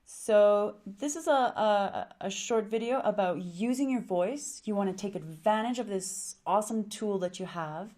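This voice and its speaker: Woman coach, measured delivery, mid pitch, clear teaching tone with sample lines. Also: mellow. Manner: deliberate, demonstrates intonation with example sentences. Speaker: English speaking coach. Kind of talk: teaching to camera.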